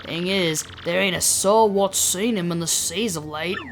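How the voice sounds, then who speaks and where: A woman voicing a rough-talking male sailor with a put-on Australian accent, over game music. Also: on the low side, measured pace, a little hiss or hum. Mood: eager.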